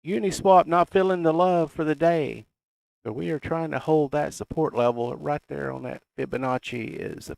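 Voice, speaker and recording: Middle-aged Southern man, folksy market commentator, gravelly voice. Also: medium pitch, a little mellow, no echo. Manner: folksy, reads price levels aloud. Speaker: crypto chart analyst. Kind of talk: casual chart commentary.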